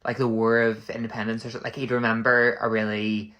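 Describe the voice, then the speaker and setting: Rambling man, flat delivery. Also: medium pitch, quick pace, lo-fi sound. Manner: rambling, full of "like" and backtracking. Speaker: content creator. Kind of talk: casual comedic monologue.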